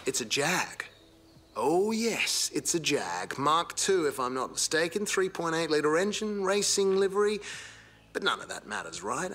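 An excitable Australian car buff. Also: male voice, a little high, measured pace, exaggerated voice. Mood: excited. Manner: excitable, awed, chatty car enthusiast. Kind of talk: video game character dialogue.

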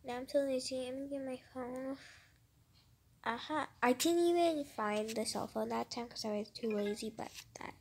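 A woman's voice: high-pitched, moderate pace, a little mellow, a little hiss or hum. A woman giving casual, rambling commentary on a screen recording of her own old video, mocking it. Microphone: phone screen-recorder mic.

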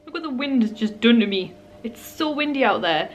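A woman's voice: fairly high pitch, lively intonation, fairly quick, soft background music. A young woman, talking casually to her camera at home in a rambling, chatty way. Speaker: vlogger. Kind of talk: casual home vlog chat. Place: at home, indoors.

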